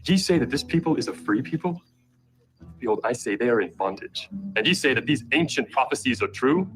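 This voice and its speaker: Brief: man as defiant heretic preacher, bright forceful tone, declaiming in a church film. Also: mid-range voice, lively intonation, fairly quick, close to an everyday voice, rough recording. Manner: declaiming, accusing, in scripture-style speech.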